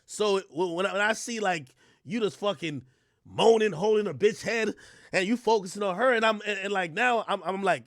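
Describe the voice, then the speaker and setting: A young man streaming, telling a crude story in a casual, profane way, swinging from low mumbles to loud outbursts. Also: brisk, dry recording, studio quality. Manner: animated, profane, swings between mumbling and yelling.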